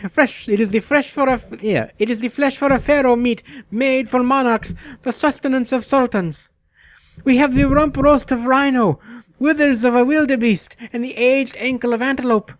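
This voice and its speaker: A man voicing an overeager, groveling male meat merchant in a fantasy game, gushing with flattery and alliteration. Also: very high-pitched, normal speed, no room sound, voice pushed up. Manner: fawning, gushing alliteration, squealing delight.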